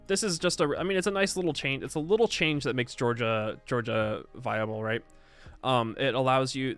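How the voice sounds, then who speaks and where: A man's voice: medium pitch, fairly bright tone. A man streaming live, chatting casually and reacting to his chat as he reviews a game patch, rambling and stop-start, sometimes insistent.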